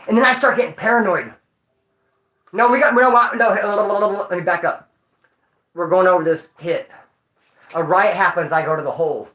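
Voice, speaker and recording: Brief: bright-voiced man spinning slangy, cussing stories, roomy echo. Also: high voice. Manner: animated, slangy and profane, acting out quotes. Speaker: storyteller recounting prison life. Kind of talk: casual storytelling monologue.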